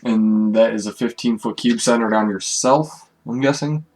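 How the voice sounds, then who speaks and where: A man's voice: medium pitch, moderate pace, darkish tone, rough recording. A man running a tabletop game as game master, describing the scenes in an easygoing way and laughing often. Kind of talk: narrating a tabletop game over voice chat.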